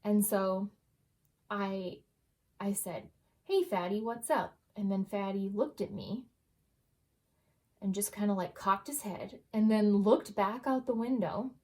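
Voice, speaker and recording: A woman's voice: medium pitch, slow pace, pauses often, mellow. A woman, telling a story in a chatty voice-over full of fillers and laughter. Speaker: journaling vlogger.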